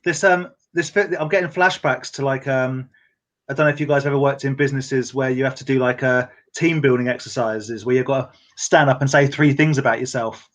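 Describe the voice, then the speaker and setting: Quick guy on a video call, jokey, teasing his mates, rattles along. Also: mid-range voice, fairly even intonation. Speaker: co-host of a toy collecting live show. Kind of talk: casual banter on a video call.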